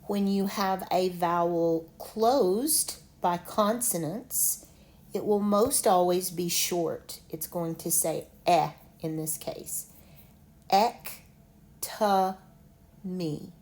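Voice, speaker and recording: A woman teaching an online lesson, slowly sounding out medical words syllable by syllable. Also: lowish voice, darkish tone. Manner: slow, deliberate, sounds out syllables.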